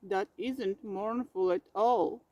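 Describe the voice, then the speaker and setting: Grumpy, melodramatic storybook bear with a cold, put on low by a woman reading aloud; unhurried, pompous. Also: warm tone, no echo, natural voice. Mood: grumbling. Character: grumpy, self-pitying male bear with a cold.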